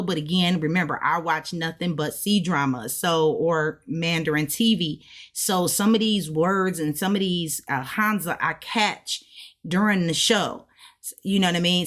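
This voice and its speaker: Lady vlogger talking real slow, low-ish voice, chatty, laughs a lot, repeats words to sound them out. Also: fairly bright tone. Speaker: language learner vlogger. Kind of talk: casual explaining to camera.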